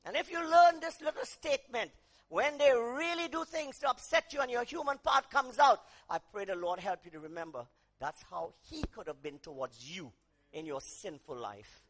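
A man preaching a sermon, dropping to quiet asides, rising to shouted emphasis, and acting out quoted voices. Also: very high-pitched, lively intonation, moderate pace.

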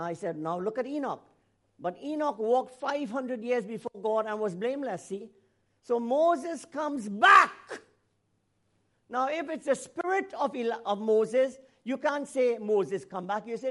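Man preaching, shouting then dropping low. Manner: swings from shouted emphasis to low, quiet asides; self-correcting, repeats phrases for emphasis. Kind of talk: sermon.

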